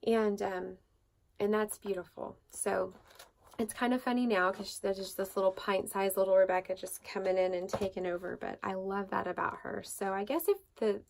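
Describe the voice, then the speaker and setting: A woman's voice: mid-range voice, steady tone, normal speed, gravelly, a little hiss or hum. A woman hosting a devotional talk who shares a personal faith story in a loose, conversational way, with many fillers and restarts. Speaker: devotional podcast host.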